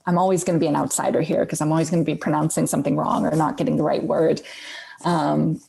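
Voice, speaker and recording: A woman with a low voice and a gravelly fry at the edges of her words. She talks casually as a guest, pausing often with fillers and restarting her phrases. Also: darkish tone. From United States. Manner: hesitant, many fillers and restarts. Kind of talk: casual conversation.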